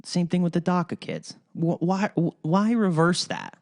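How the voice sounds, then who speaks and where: A man's voice: sits high, wildly swooping pitch, moderate pace, creaky, darkish tone. A man hosting a solo podcast, ranting in a rambling, profane way with frequent restarts. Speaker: podcast host.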